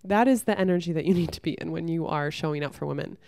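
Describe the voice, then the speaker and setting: A young woman talking frankly to camera, giving relationship advice and telling a story from her own life with lively acted-out quotes and some swearing. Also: low-pitched, quick pace, vocal fry, a little hiss or hum. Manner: frank and blunt, swears freely; lively storyteller who acts out the people she quotes. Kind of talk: casual advice monologue with storytelling.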